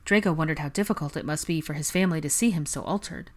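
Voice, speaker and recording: Low-voiced woman reading a story. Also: quick pace. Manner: steady storytelling delivery. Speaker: narrator. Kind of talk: fan fiction audiobook reading.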